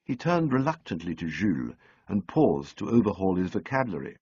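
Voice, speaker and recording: A man narrating an audiobook in a measured, dryly comic storytelling manner, on a close studio mic. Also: deep voice, very animated, a little mellow, slightly rough, no room sound, highs cut off.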